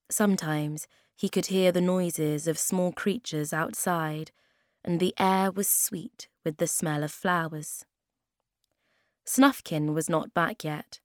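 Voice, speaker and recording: A woman narrating a children's storybook chapter, reading in a clear, gentle way. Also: lowish voice, dry recording, studio quality. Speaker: storybook reader.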